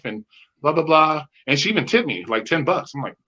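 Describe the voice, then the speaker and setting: A man co-hosting a podcast, telling rideshare stories in a profane, animated way and acting out the dialogue. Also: on the high side, a little fast. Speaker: podcast co-host, rideshare driver. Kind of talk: casual chat, storytelling. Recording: slightly dull lo-fi sound.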